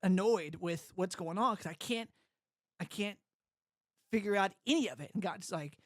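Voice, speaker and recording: A young adult man telling his story as an interview guest, animated, often laughing and acting out the voices of others. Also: high voice, normal speed, dry recording, studio quality. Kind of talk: casual storytelling.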